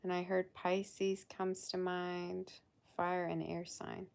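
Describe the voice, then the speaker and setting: A woman gives a live tarot reading in a loose, chatty style, full of fillers and half-sentences, and calls the listener "girl." Her fairly low voice is gravelly, with a completely flat delivery, and she takes things slowly.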